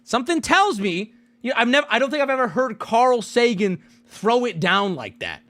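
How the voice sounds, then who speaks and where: A male streamer in his thirties rants at a live audience, swearing freely and often jumping into disbelieving shouts. His pitch swings widely from low mutters to high yells. The sound is dry and close. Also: big pitch swings, moderate pace, dry recording. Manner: profane, incredulous, swings to sudden yelling. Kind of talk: ranting live stream commentary.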